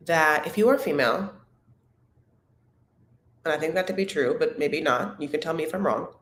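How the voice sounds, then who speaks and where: A woman's voice: fairly low pitch, roomy sound. A woman hosting a casual live recap chat, rambling and candid, with lots of tangents and filler words. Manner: rambling, chatty, full of "like" and tangents. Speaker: host of a reality TV recap show.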